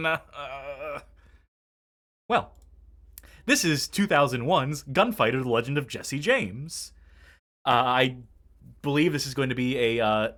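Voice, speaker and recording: A man's voice: mid-range voice, a bit bright. A man hosting a casual game stream, rambling with lots of fillers and self-corrections and chuckling often. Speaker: stream host.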